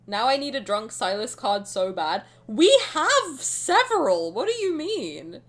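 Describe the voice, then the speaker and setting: A woman's voice: mid-range voice, big pitch swings, moderate pace. A woman streamer chatting and joking casually while reading game dialogue aloud. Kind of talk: casual gaming commentary. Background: faint game music.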